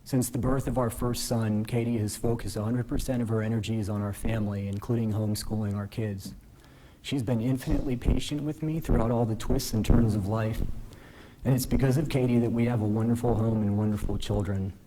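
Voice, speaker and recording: A man in his forties, a newly appointed justice, giving a formal ceremonial speech from a podium in a courtroom, earnest and gently self-deprecating. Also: lowish voice, steady tone, fairly quick, a little hiss or hum, low-quality recording.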